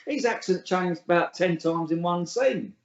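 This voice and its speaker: A man's voice: sits high, expressive, moderate pace. A middle-aged man, the guest in a casual interview, talking bluntly and scornfully, with plenty of swearing. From England. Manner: blunt, sweary, scornful, laughs at his own stories. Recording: echoey room, dull lo-fi sound.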